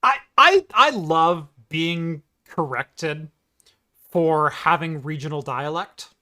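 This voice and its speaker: A man's voice: a little high, slow pace, bright, forceful tone. A man co-hosting a casual tech podcast, reading labels aloud and mock-ranting about pronunciation. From United States. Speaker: podcast co-host. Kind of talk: casual chat.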